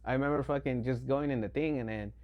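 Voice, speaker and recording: A man, a podcast guest, telling stories in a relaxed, slangy way with constant swearing. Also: mid-range voice, quick pace. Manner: profane, slangy, laid-back. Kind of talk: casual storytelling.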